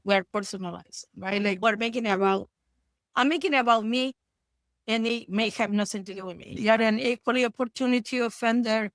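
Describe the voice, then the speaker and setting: A woman's voice: on the high side, a bit bright, no echo. A woman from Argentina speaks as a therapist guest in an interview. She is blunt and profane, and she often acts out what her clients say. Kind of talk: candid interview talk.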